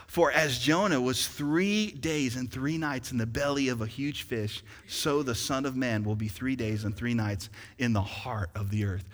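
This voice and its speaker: A male pastor delivers a sermon with a bright, forceful tone that ranges from hushed explanation to fervent shouting. His voice rings out in a church sanctuary with a long hall reverb. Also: mid-range voice. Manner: animated preacher, swings from quiet to loud.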